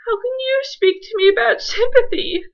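A woman's voice: big pitch swings, normal speed, fairly bright tone, lo-fi sound, full character voice. A woman voicing a distraught, self-pitying woman who insists she is bound to a tree. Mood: indignant. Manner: shrill, wounded, insistent.

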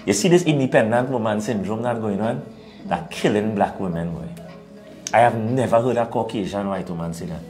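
A man's voice: on the low side, fairly quick, faint music behind. A man with a Trinidadian accent, co-hosting an opinionated talk show and lecturing his listeners. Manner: animated, preachy, laughs at his own points.

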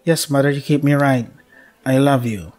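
A man's voice: mid-range voice, moderate pace, darkish tone, close to an everyday voice. A man voicing a timid, hungry orphan girl in a game, speaking meekly and pleadingly. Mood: earnest. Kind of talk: voicing a visual novel character.

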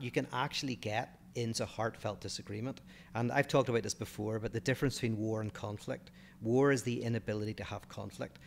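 Here the Northern Irish co-host has a lowish, creaky voice, with a little hiss or hum in the recording. He muses over philosophical ideas on a laid-back podcast, often starting his phrases over partway through.

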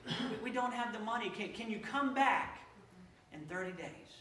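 A man's voice: sits high, animated, moderate pace, sharp tone, echoey room, recorded from a distance, a little hiss or hum. A man voicing a struggling mother who stammers apologies because she cannot pay. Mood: apologetic. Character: struggling mother of a crippled son.

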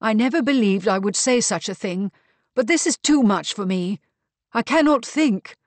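A woman voicing an older society widow, imperious and brisk, with clipped commanding lines. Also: mid-range voice, expressive, no room sound, pitched above the performer's own voice, lightly acted. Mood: weary. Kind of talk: audiobook character reading.

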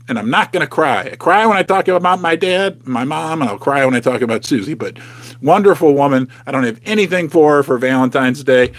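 Animated middle-aged man with lively pitch. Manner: chatty, folksy and emotional, asks viewers questions. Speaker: host of a precious-metals investing channel. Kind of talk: casual livestream talk to viewers. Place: home basement.

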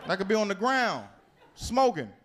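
A man's voice: sits high, normal speed, noisy background. A man doing live stand-up in a comedy club, telling crude, profane stories and working the crowd. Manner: profane, animated storytelling with crowd work.

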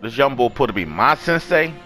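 A young man casually commenting on his gameplay, loud and excitable, cursing and trash-talking the enemies. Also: medium pitch. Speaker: gaming channel host.

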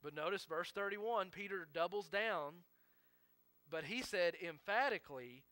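Bright-voiced man preaching a sermon. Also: a little high, moderate pace, no room sound. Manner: earnest preaching, acting out quotes, frequent self-corrections. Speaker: pastor.

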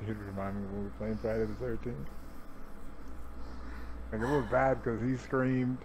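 A man's voice: on the low side, flat delivery. Man, teammate callouts, casual storytelling, noisy voice chat line. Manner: quick tactical callouts and laughing storytelling.

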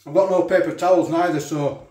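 A chatty food vlogger talks casually while tasting, sometimes with his mouth full. His voice sits a little high for a man. The kitchen around him rings with noticeable echo. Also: fairly even intonation, brisk, dark tone.

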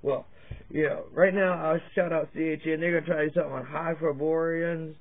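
This comedy vlogger from Virginia, USA, has a voice on the high side with fairly even intonation, talking a little fast. He rambles crudely and profanely to his camera in a stand-up style monologue, hopping between topics with jokes. The audio is tinny and lo-fi, like a phone.

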